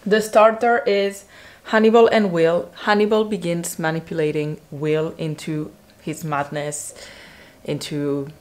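A woman with a slightly low voice rambles through a chatty recap vlog. She talks in an excitable, unpolished way, scattering "like" through every sentence. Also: measured pace. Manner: rambling, excitable, heavy use of "like" fillers. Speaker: vlogger recapping a TV series.

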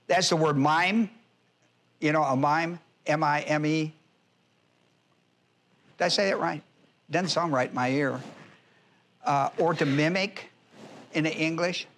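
Pastor, man, higher-pitched, teaching verse by verse with heavy emphasis and repetition. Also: a little slow, pauses often, fairly bright tone, slight background noise. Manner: emphatic, repeats key phrases, spells out Greek words. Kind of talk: expository Bible teaching.

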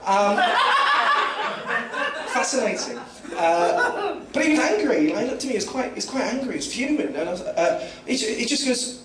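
A man's voice: high-pitched, sing-song, moderate pace. A young man from Kent with a southern English accent, doing a rambling, self-mocking stand-up set full of fillers and restarts. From England, Kent. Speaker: stand-up comedian. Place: comedy club stage. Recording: roomy, distant mic, noisy room.

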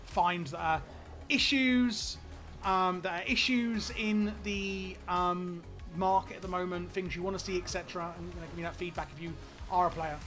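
A man with a high-pitched voice chats casually with live-stream viewers as he plays. Getting excited, he rambles, stammers, and repeats words. Faint music sits underneath.

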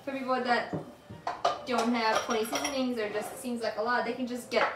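A woman's voice: on the high side, steady tone, brisk. A woman co-hosting a live cooking stream, chatting casually and asking questions. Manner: chatty, asks questions and reacts. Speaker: co-host reading viewer comments. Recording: echoey room, mic far off, noisy.

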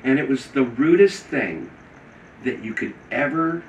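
A man, an actor, telling a lively anecdote in casual conversation and acting out the voices of the people in it. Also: medium pitch, unhurried. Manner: animated, acts out voices in his anecdotes. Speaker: guest actor. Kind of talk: casual storytelling. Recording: echoey room, mic at a distance, faint ambient noise.

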